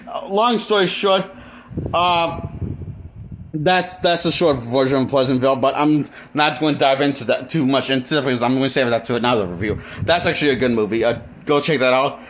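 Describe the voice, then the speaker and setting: A man's voice: medium pitch, a little fast, a bit bright, slight background noise. A man reviewing a movie in a casual, rambling rant, full of restarts and blunt, exasperated complaints. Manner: rambling, with frequent restarts and fillers. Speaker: movie critic.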